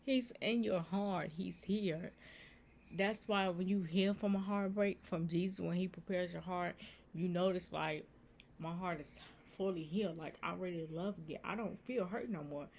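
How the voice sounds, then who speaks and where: A woman's voice: fairly low pitch, normal speed, a little mellow, slight background noise. A woman giving earnest, repetitive faith advice in a casual vlog, talking straight to her viewers. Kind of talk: casual Christian encouragement vlog.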